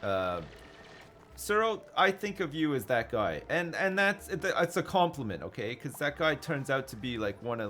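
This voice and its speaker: A man's voice: lowish voice, a bit bright, a little hiss or hum. A man streaming a video game live, chatting casually with his viewers and swearing freely. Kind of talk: live commentary over gameplay.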